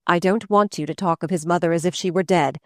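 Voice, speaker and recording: A woman reading the part of a wounded, stubborn young husband in an audiobook, her delivery quiet and restrained. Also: on the low side, quick pace, dry recording, clean studio sound, close to an everyday voice. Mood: reproachful.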